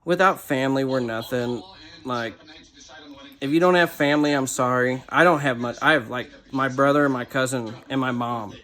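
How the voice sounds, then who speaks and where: A man's voice: mid-range voice, normal speed, a bit bright. A young man in a blunt, profane personal rant, full of "like" and "dude". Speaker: vlogger.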